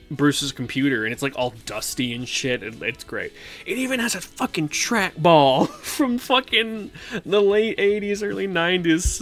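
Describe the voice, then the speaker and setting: A man's voice: on the high side, fairly bright tone. Rambling male streamer, faint music behind. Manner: rambling, filler-heavy, swearing, acts out quotes. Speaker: streamer host. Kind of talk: casual chat recapping a film.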